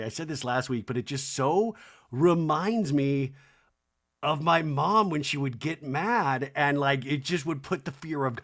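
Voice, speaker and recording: Brief: lively, slightly high male podcaster doing a jokey TV recap full of impressions. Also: a little slow. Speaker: podcast host. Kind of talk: comedic TV recap monologue.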